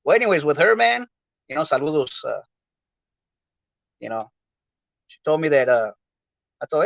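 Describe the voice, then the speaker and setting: La guy hosting his podcast, slangy and rambly, kinda higher voice, dry dull lo-fi mic. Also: very animated, normal speed, gravelly, pauses often, a bit bright, dry recording. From Los Angeles. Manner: rambling, slangy, full of fillers. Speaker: podcast host. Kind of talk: casual livestream chat.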